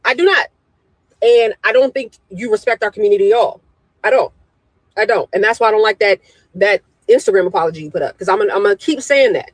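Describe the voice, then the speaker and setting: A man's voice: high-pitched, fast talker, no echo, rough recording. A man giving indignant social media commentary, repeating his points. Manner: indignant, repetitive.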